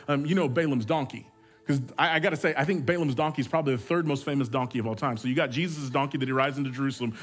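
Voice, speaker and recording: A man pastor preaching a sermon, telling stories in a casual, joking way with frequent restarts. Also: on the high side. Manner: conversational, humorous storytelling with repeated restarts.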